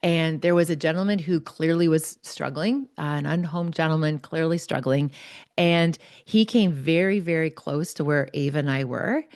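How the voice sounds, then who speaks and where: A woman host telling a personal story in an animated, chatty way, peppered with "like". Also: low voice, moderate pace, no room sound, studio quality. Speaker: podcast host, psychologist.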